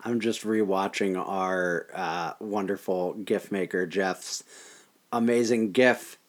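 A man's voice: deep voice, fairly even intonation, slow pace. A man co-hosting a casual sports podcast, talking over hockey plays with joking, sarcastic banter. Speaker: podcast co-host.

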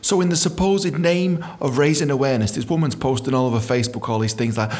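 A British man hosting a podcast, ranting profanely about his work as a dentist and mimicking people in quick voices. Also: medium pitch, lively intonation. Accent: British English. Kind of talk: profane comedic monologue.

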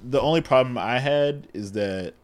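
A man co-hosting a podcast, recapping a movie with wry, dry jokes in relaxed chat. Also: mid-range voice, moderate pace. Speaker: podcast co-host.

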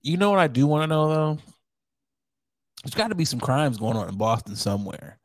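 A man's voice: fairly high pitch, big pitch swings, brisk, no echo. A man co-hosting a casual podcast, joking and laughing often, with rambling asides. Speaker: podcast co-host.

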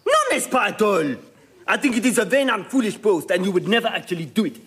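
An actor playing a sneering French critic with a put-on French accent in a radio sketch. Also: male voice, high voice, very animated, fast talker, a bit bright. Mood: scornful. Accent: mock French. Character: scornful male French critic.

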